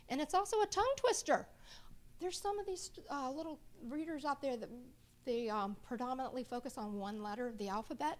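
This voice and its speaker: Middle-aged woman teaching a reading workshop. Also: on the high side. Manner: chatty, checks in with listeners often. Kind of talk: live workshop talk to an audience.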